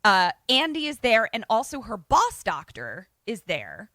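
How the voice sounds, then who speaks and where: Bright-voiced woman recapping a film. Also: a little high, a little slow, dry recording. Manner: animated storyteller, acts out quotes, swears casually. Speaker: podcast co-host. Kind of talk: casual chat retelling a film plot.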